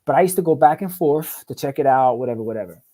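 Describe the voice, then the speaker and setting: His mid-range voice is expressive and mellow, and he talks at a quick pace. Guesting on a podcast for a casual storytelling interview, he tells his life story in profane street slang, repeating words in bursts and often asking "right?"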